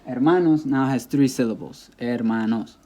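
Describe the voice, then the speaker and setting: Male teacher, warm low-key tone, patient, casual explainer. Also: fairly even intonation. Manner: patient, repeats words slowly for emphasis, checks in with "okay?". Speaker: Spanish teacher.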